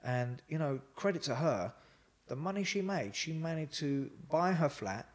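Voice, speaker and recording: A man's voice: on the high side, animated, moderate pace. A man tells his stories in a loose, rambling way. He fills his talk with ums and acts out what people said to him. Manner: rambling with frequent fillers and quoted dialogue. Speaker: podcast guest. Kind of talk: casual storytelling.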